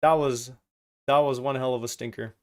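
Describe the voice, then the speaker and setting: A man's voice: mid-range voice, fairly even intonation, moderate pace, smooth. Jokey man hosting a live watch-along. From Germany. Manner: jokey, reads out and teases chat. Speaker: live stream host. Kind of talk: casual watch-along stream chat.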